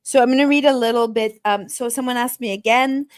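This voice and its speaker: A woman's voice: fairly high pitch, brisk, no room sound, studio quality. A woman hosting a podcast interview, talking in a chatty, loose way with frequent restarts. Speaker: podcast host. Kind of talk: casual interview chat.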